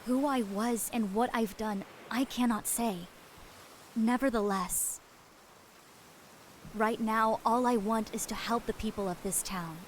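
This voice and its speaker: A woman's voice: on the high side, fairly even intonation, unhurried, long pauses, slight background noise, natural voice, poor audio. Woman voicing a young apothecary, composed, earnest, video game dialogue. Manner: composed, earnest, soft-spoken. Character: calm, selfless female apothecary, young adult.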